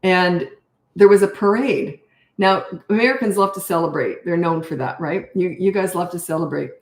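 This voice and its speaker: Speaking at normal speed in a lowish voice, an older woman from Canada who works as a parenting coach chats on a live stream. She's chatty, rambles through her stories, and laughs a lot, all in a roomy echo.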